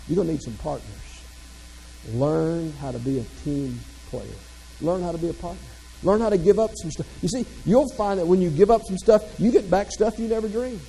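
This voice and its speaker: Gravelly man telling folksy stories. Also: high voice, warm tone, in a large hall, low-quality recording. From American South. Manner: folksy, self-deprecating humor. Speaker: motivational speaker. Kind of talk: humorous keynote storytelling.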